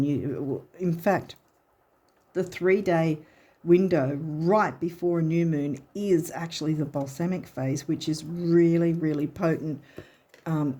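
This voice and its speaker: A woman's voice: sits low, mellow, slightly rough. A woman giving a casual tarot reading, chatty and encouraging, often restarting her sentences. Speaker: tarot and astrology reader.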